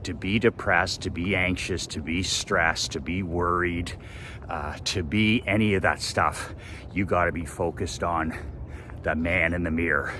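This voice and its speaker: A man's voice: sits low, steady tone, unhurried, background noise. A man giving a blunt, profane motivational rant as a business coach, hammering his points with repetition.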